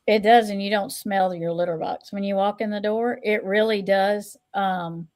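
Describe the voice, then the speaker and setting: A woman hosting a casual livestream chat, who repeats her phrases, greets viewers and reads out their comments. She is still a little hoarse. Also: medium pitch, steady tone, normal speed, darkish tone. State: recovering from hoarseness. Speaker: stream host and tarot reader.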